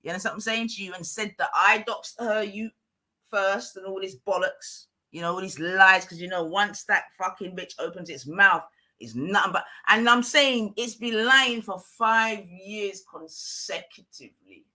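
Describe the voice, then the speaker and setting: A woman's voice: medium pitch, moderate pace, bright, forceful tone. A woman ranting on her own live stream, emphatic and repetitive, often asking the listener whether they follow. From London.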